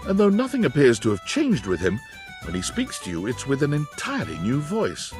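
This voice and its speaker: A man's voice: mid-range voice, huge pitch swings, a little fast, over music. A man reading scripted second-person narration in a video game.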